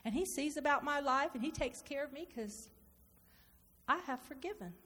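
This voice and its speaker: Woman, preacher, high-pitched, animated sermon, repeats herself, acts out dialogue, long hall echo. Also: moderate pace. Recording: reverberant hall.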